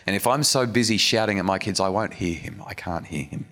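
A man's voice: low-pitched, a little fast, fairly bright tone. A man preaching a sermon in a church hall, earnest and conversational, with restarts and asides to the audience. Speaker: speaker giving a church message. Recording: long reverb of a hall.

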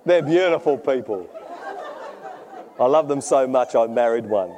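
A man's voice: mid-range voice, animated, measured pace, warm tone, a faint crowd. A man preaching a sermon, telling funny stories and often laughing at his own jokes. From Australia. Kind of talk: sermon with humorous anecdotes.

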